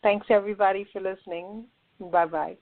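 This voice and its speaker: A woman hosting a spiritual talk show, speaking in a gentle, affirming way and laughing easily. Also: mid-range voice, fairly even intonation, brisk, phone-quality sound. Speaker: host and channeler.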